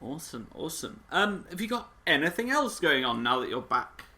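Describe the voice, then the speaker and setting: A man's voice: fairly high pitch, big pitch swings, brisk, sharp tone. A man hosting a podcast in casual chat, mostly giving short agreeing replies and easygoing questions. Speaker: podcast host.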